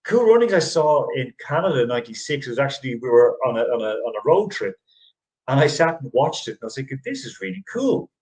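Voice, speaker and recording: A man's voice: medium pitch, lively intonation, fast talker, a little mellow, rough recording. Rambling middle-aged male podcast host. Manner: rambling, restarts often, chuckles. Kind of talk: casual movie review chat.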